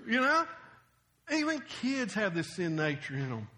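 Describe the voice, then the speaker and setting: A man delivers a sermon in a folksy, storytelling way, mixing humor in as he goes. His voice sits high for a man. It has a bright, forward edge. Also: very animated, moderate pace. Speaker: preacher.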